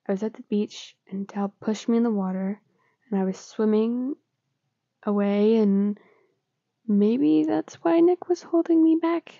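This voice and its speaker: A woman reading the lines of a scared, confused teenage boy in a hospital bed, pleading and halting. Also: fairly high pitch, gravelly, warm tone, dry recording, highs cut off.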